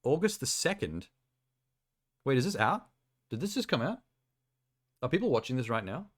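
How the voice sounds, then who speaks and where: A man's voice: mid-range voice, big pitch swings, moderate pace. A man streaming from home, chatting casually and rambling through his reactions with frequent laughter. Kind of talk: casual live-stream chat.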